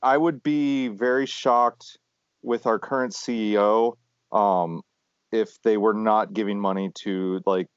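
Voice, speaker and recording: A man co-hosting a podcast, telling stories in a rambling, animated casual chat. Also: on the low side, slow pace, smooth, dry recording. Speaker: podcast co-host. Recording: dull lo-fi sound.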